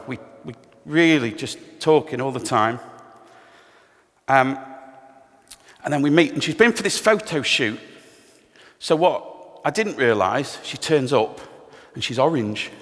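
A middle-aged man tells his conversion story to a church, his voice sitting at an ordinary pitch. He speaks candidly and pokes fun at himself now and then. His words ring out with a long reverb through the church hall. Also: expressive, a little slow, a bit bright. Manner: candid, self-deprecating, storytelling with humor. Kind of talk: personal testimony talk.

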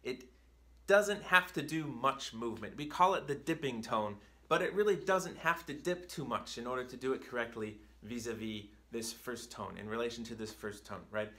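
A man's voice: medium pitch, normal speed, sharp tone. A man teaching a video language lesson, explaining patiently and checking in with "right?" as he goes. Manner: reads drill words in a raised, careful voice. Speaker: Chinese teacher.

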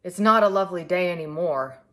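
A woman voicing an upset little girl who quarrels with her friend, in a high pleading voice. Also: fairly quick, lightly acted. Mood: sad.

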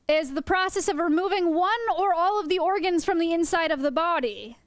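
A woman's voice: very high voice, brisk, few pauses, no room sound, clean studio sound. A young woman teaching her stream chat about animals in a playful, joking way, often laughing. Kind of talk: casual livestream lesson.

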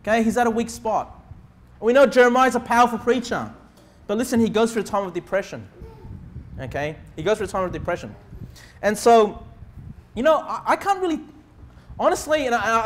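A young male pastor preaching with a strikingly high voice for a man. He speaks earnestly to his congregation and keeps asking "okay?" to make sure they follow. His voice stays notably high from one sentence to the next. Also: expressive, brisk, long pauses. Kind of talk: sermon.

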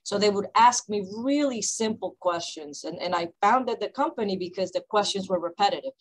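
A woman who founded a company, speaking on a video call panel with emphatic, deliberately slow, repetitive points. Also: medium pitch, low-quality recording. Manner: emphatic, repeats key points, speaks slowly on purpose.

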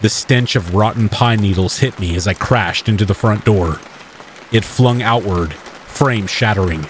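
A man narrating a first-person horror story in a steady, measured way. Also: fairly low pitch, slight background noise. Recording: faint rain ambience mixed behind the voice.

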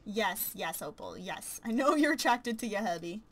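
A woman giving casual, chatty commentary while playing a life-simulation game, gushing and excitable. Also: mid-range voice, normal speed. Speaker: let's play commentator.

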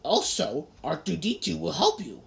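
A woman voicing a small, wise origami Yoda puppet that croaks its lines in scrambled order, read in an audiobook. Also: deep voice, huge pitch swings, normal speed, exaggerated voice. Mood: cryptic. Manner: inverted word order, croaking. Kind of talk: audiobook reading.

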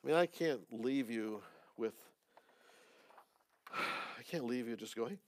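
A man teaching a conversational sermon as pastor in a church, with joking asides and quick restarts. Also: medium pitch, dry recording.

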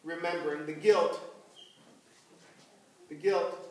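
A man preaching as pastor, telling the story slowly and asking his congregation questions. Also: a little high, steady tone. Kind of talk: sermon. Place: church. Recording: echoey church from far off.

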